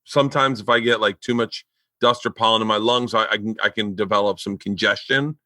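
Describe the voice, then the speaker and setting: Animated, bright-voiced man. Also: brisk, no room sound. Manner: animated storyteller who jumps to loud high outbursts when quoting himself. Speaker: podcast host. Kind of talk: casual chat.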